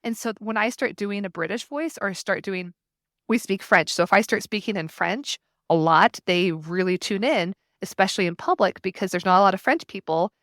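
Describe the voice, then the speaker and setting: A woman's voice: medium pitch, brisk, fairly bright tone, no echo, studio quality. A woman in her thirties, a podcast guest, talking earnestly and reflectively in long flowing runs. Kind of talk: casual conversation.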